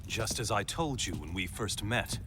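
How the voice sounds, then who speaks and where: An actor playing a grim male hero bent on vengeance in a video game dub, speaking in a solemn, measured way. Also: on the low side, expressive, noisy background, close to an everyday voice.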